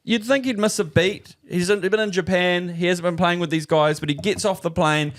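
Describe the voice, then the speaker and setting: A man's voice: sits high, steady tone, normal speed. A man in his thirties with a New Zealand accent, co-hosting a podcast in casual, jokey banter and rambling as he searches for words. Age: 30s. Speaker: podcast co-host.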